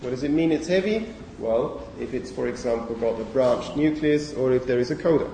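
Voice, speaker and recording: A man giving a university lecture on phonology in a lecture hall, speaking haltingly with many fillers and self-corrections. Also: medium pitch, dark tone, a little hiss or hum. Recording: echoey lecture hall from far off.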